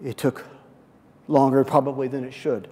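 A man preaching a sermon, telling a personal story and slipping into excited, quoted voices. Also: mid-range voice, moderate pace, long reverb tail. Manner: storytelling with lively swings into excited quoted speech. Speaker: pastor.

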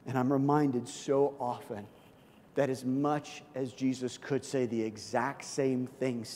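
A man's voice: mid-range voice, measured pace. A middle-aged man preaching a sermon, telling stories and joking with the congregation. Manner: storytelling, animated, jokes with the congregation. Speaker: pastor. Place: church hall. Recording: long hall reverb, faint room noise.

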